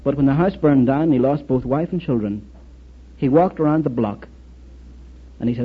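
A man giving a storytelling sermon talk, recounting anecdotes and quoted exchanges in an animated way. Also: medium pitch, normal speed, pauses often, breathy edge, narrow, tinny audio. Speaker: speaker addressing an audience.

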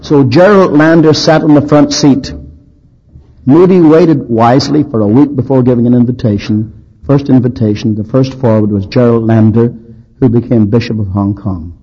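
A man's voice: mid-range voice, moderate pace, slightly rough, muffled recording. A man preaching a sermon, telling historical stories in an anecdotal, dryly humorous, emphatic way.

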